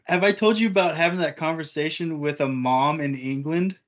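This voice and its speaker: A man's voice: fairly high pitch, brisk, a bit bright. A man casually telling a story on a podcast, laughing often as he talks. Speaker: podcast co-host. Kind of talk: casual chat. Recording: dull lo-fi audio.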